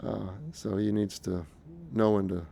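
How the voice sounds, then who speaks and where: An earnest middle-aged man speaking off the cuff in a lowish, gravelly voice. He talks in a halting way, circling back and restarting his phrases as he goes. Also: flat delivery, mellow, a little hiss or hum. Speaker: speaker recounting his experiences. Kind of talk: casual unscripted monologue.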